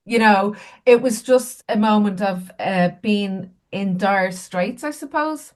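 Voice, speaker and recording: A woman who works as a healer and medium tells candid, self-deprecating stories while being interviewed in a casual, storytelling chat. Her voice is medium-pitched and her pace slow.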